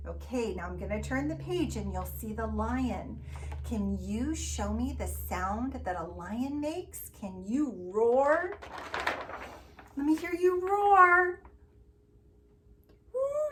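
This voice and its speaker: A woman's voice: fairly high pitch, takes it slowly. Sing-song woman reading to preschoolers. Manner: sing-song, animated, coaxing children to join in. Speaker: preschool teacher. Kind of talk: reading a picture book to young children.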